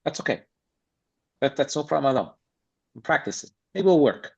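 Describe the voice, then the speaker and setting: A man's voice: on the high side, animated, moderate pace, vocal fry, a little mellow. Blunt, streetwise man on a podcast. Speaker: podcast guest, acting coach. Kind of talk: casual interview chat. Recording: slightly dull lo-fi sound.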